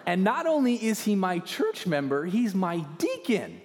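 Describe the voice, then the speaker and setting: A man's voice: high-pitched, huge pitch swings, unhurried, a little hiss or hum. Preaching man in a reverberant hall. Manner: dynamic preaching, swinging from loud emphasis to hushed near-whispers; repeats key lines for emphasis. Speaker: pastor. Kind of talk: sermon.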